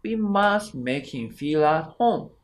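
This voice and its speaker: A man reading as a gentle, vague mother. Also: a little high, animated. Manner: slow careful read-aloud.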